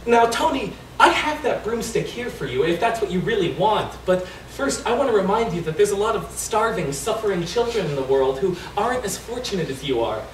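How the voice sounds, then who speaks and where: A tired, patient holy man, as a man puts him on murmurs in a low, gentle, sermon-like tone. The sound is distant and reverberant, with a faint hiss behind it. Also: big pitch swings, fairly quick, few pauses. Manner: soft, low and gently preachy. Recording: echoey room, distant mic, faint noise.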